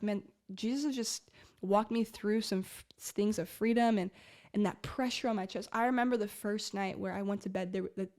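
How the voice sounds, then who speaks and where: A woman's voice: mid-range voice, darkish tone. A woman in her twenties giving an earnest, rambling personal faith testimony in a casual talk, full of "like" and restarts. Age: 20s. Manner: earnest, rambling, heavy use of "like". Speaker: faith podcast host.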